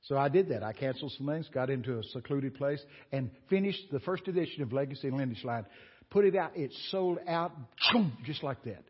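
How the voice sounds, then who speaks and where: A man's voice: mid-range voice, a little fast, husky, long reverb tail. A man preaching a sermon as a guest speaker, folksy and exclamatory, telling stories to a congregation. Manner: folksy, exclamatory, animated storytelling. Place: church sanctuary. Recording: dull lo-fi church recording.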